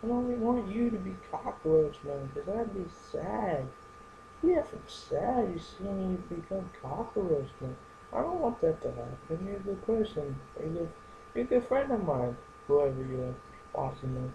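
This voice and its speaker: A young man rambling through a goofy comedic vlog monologue, going from joke to joke with silly deadpan asides. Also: high voice, a little slow, gravelly, slight background noise, poor audio. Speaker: vlogger.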